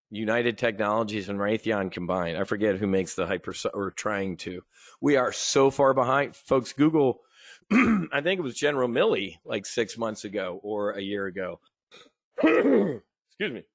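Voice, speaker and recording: A middle-aged American man hosting a live options trading show, talking in a rambling, opinionated way with frequent restarts and throat clearing. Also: mid-range voice, a bit bright, dry recording, studio quality. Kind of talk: casual live market commentary.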